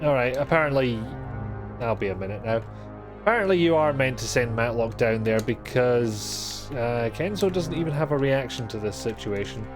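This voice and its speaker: A man's voice: mid-range voice, expressive, moderate pace, over music. A man streaming a video game live, commenting in a sweary, exasperated and sarcastic way.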